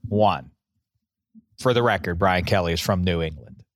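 A man co-hosting a casual sports talk show, animated and rambling. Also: low voice, moderate pace, dry recording, clean studio sound. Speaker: podcast co-host.

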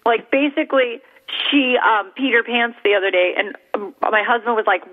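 A woman in her thirties, a comedian being interviewed, chatting in a sassy, self-mocking way with quick asides. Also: fairly high pitch, steady tone. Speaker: comedian guest. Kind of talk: joking interview chat. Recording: tinny phone-like line.

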